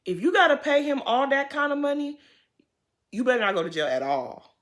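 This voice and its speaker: A woman giving a casual, expressive recap of a reality TV episode, speaking straight to the people on screen. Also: high voice, a little fast. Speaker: TV recap host.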